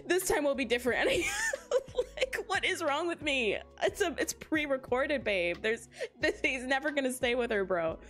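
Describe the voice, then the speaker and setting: A woman's voice: sits high, lively intonation, normal speed, fairly bright tone, soft background music. A woman streamer chatting casually to her live chat, laughing often and talking straight to her viewers. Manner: giggly, talks straight to chat.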